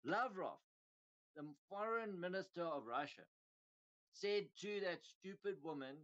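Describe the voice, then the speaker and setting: A man's voice: high voice, expressive, unhurried, a bit bright. A middle-aged man hosting a crypto livestream, ranting casually in a profane, rambling, heated way. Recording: dull lo-fi sound.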